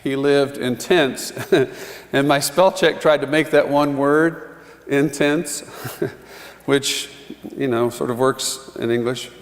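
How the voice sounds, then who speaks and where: Pastor preaching in a reverberant church. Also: male voice, mid-range voice, slow pace. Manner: conversational, chuckling asides, acts out quotes. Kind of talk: sermon. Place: church sanctuary.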